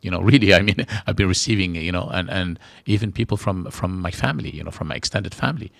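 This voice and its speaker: A man from Syria, a guest in a studio interview, who talks haltingly with many restarts and fillers. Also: low-pitched, vocal fry, no room sound.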